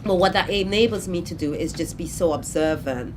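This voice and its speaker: A woman poet answering questions at a literary event, telling lively stories and acting out family voices. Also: fairly low pitch, a little fast, background noise. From Britain, of Grenadian family. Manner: animated storytelling, acts out family voices. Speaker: poet in conversation. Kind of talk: casual literary Q&A talk.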